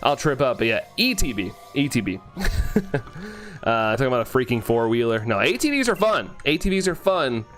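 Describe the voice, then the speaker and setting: Fast-talking upbeat male streamer. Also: medium pitch, sing-song, a bit bright, soft background music. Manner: greets viewers and answers chat, upbeat; talks fast, sometimes slurs and trips over words. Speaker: live streamer. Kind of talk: casual live-stream chat.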